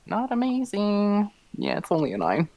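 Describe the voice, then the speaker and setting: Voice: mid-range voice, huge pitch swings, moderate pace, no room sound, muffled recording. A player in a tabletop game, laid-back and giggly. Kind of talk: casual game talk.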